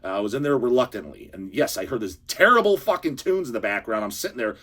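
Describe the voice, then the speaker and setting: A husky-voiced man rants in a casual monologue, heated and profane. His pitch swings up and down as he pushes his point. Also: fast, few pauses. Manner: profane, heated, animated ranting. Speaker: channel host. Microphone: handheld camera or phone.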